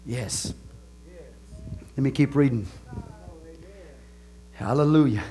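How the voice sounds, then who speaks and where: A man preaching a sermon as pastor, animated, swinging between soft asides and loud exclamations, stretching key phrases slowly. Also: medium pitch. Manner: laughs and asks the congregation questions.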